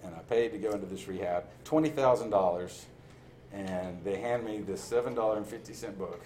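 A man's voice: lowish voice, fairly quick, darkish tone, slight background noise. A man sharing his recovery story in a candid testimony, telling it with self-mocking humor and frequent laughter. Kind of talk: personal testimony talk.

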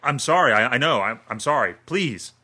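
A man's voice: mid-range voice, lively intonation, drawn-out words, a little mellow, husky, pitched above the performer's own voice, exaggerated voice. A man voicing a terrified man pleading at gunpoint, his voice hitching and stammering.

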